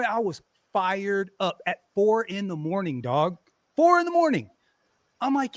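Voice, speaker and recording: A man casually telling a profane story on a podcast, animated and acting out quotes loudly. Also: high voice, unhurried, no room sound. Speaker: podcast host.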